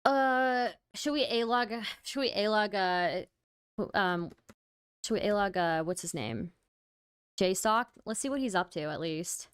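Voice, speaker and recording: A woman's voice: medium pitch, expressive, measured pace, smooth, dry recording, studio quality. A woman hosting a livestream in casual chat, wry and tired, laughing at her own jokes and thanking viewers for donations. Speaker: livestream host.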